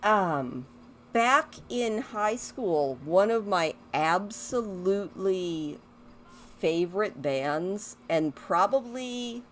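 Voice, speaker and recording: Slow, chatty woman narrating her gameplay. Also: lowish voice, slight background noise. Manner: chatty, talks to her game characters while playing. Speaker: gaming video host. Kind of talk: casual gameplay commentary.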